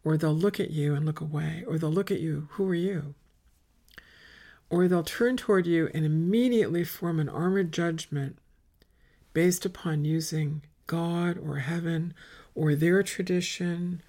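A woman giving a meditative spiritual talk at a retreat, soft and often dropping to a whisper, with long incantatory lists. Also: deep voice, unhurried.

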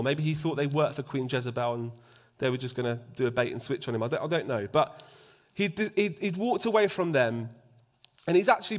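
A man whose voice is on the high side preaches a sermon conversationally. He frequently seeks the congregation's agreement and drops to a near-whisper for emphasis.

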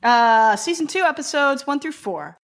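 A woman's voice: high-pitched, expressive, moderate pace. Profane, enthusiastic woman podcast co-host. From Chicago, USA. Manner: profane, enthusiastic, restarts often. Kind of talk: casual chat.

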